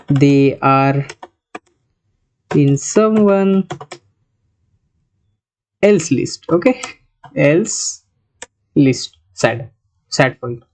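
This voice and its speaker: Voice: mid-range voice, darkish tone. A programming tutor, thinking aloud through a coding lesson with many restarts and bits of Hindi. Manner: mixes in Hindi phrases. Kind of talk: screen-recorded coding lesson. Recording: slightly muffled, lo-fi sound.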